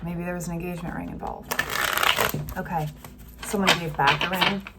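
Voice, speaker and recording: A woman giving a casual tarot reading, talking gently and thinking aloud with many fillers. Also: lowish voice, fairly even intonation, normal speed. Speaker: tarot reader. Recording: faint street noise behind.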